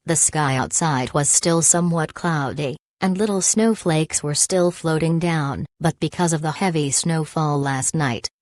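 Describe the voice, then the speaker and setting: A woman reading a novel aloud as a narrator, in an even, measured manner. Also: deep voice, dry recording, clean studio sound. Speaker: audiobook narrator. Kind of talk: scripted narration.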